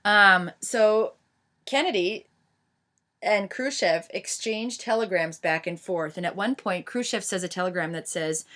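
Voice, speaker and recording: A woman's voice: mid-range voice, a little slow, a bit bright. A woman giving an informal history lecture, chatty, with many fillers and restarts. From United States.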